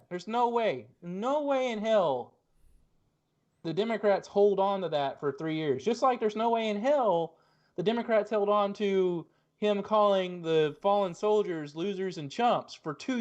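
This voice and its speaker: A man co-hosting a political podcast, talking bluntly with a sarcastic edge and plenty of swearing. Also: sits high. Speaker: podcast co-host. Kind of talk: political commentary chat. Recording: slightly dull lo-fi sound.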